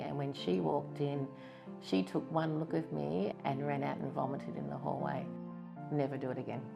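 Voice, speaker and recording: This Australian woman in her fifties speaks low, with vocal fry, as she earnestly and openly recounts surviving a stroke for a testimonial interview.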